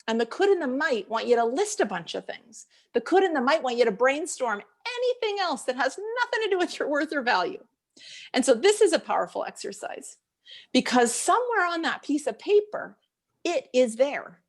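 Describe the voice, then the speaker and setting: A woman life coach leading a live group session, talking in an animated, searching way and laughing often. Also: fairly high pitch, moderate pace.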